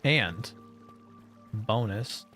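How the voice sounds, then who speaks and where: A man's voice: fairly low pitch, lively intonation, drawn-out words, pushed and bright, faint music behind. A man streaming a game, chatting casually and joking with his viewers in a rambling way. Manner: rambling and joking, talking to chat.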